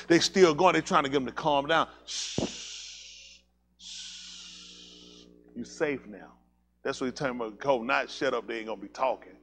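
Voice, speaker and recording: A man's voice: medium pitch, a bit bright, slight background noise. A man preaching a fiery sermon as pastor, emphatic and colloquial, repeating calls like "listen" and firing rhetorical questions at the congregation.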